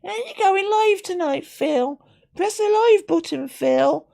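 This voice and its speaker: A man mimicking a whiny, nagging male viewer in a shrill falsetto. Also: animated, slow, vocal fry, mellow, heavily acted. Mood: whining. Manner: mocking whine with repeated nagging.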